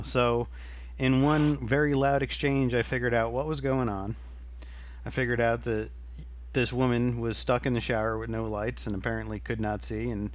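A man hosting a podcast, telling a story in a laid-back, casual way. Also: medium pitch. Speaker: podcast host. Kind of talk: casual chat.

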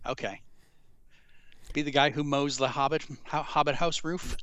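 Podcast co-host, male, smooth resonant voice, deadpan wry chatter, dry sound. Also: a little high, normal speed, no room sound. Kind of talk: casual chat.

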